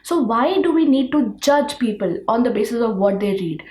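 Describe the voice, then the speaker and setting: A high, bright-sounding woman with an Indian English accent speaks straight to her viewers as a book vlogger. Her talk is emphatic and earnest, full of rhetorical questions that push the point home. The voice carries some echo, as if from a bare room. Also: animated, normal speed. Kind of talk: rant-style vlog talk to camera.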